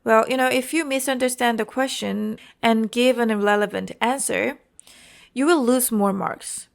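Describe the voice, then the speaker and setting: A woman's voice: on the high side, fairly even intonation, normal speed, gravelly. A woman with a Korean accent teaching an IELTS exam-prep lesson, explaining carefully and often checking in with "okay?" and "you know".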